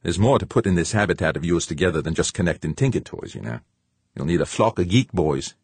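A man reading an audiobook plays a big, gruff prospector who talks bluntly in casual slang. The voice is pushed higher and louder than his own, with a raspy, gravelly grain. It is dry and close. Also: animated, fast talker, dry recording, heavily acted.

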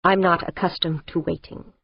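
A woman reading an audiobook, voicing an impatient, controlling wealthy man who speaks low and tight, on a dull, dry recording. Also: fairly even intonation, moderate pace, creaky, breathy edge, no echo. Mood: insistent.

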